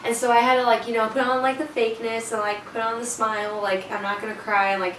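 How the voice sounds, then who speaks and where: A woman's voice: a little high, little pitch movement, quick pace, fairly bright tone. A teenage girl telling a storytime in a chatty, casual way, full of fillers and self-conscious laughs. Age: teens. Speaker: vlogger. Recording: roomy, a bit distant, faint noise.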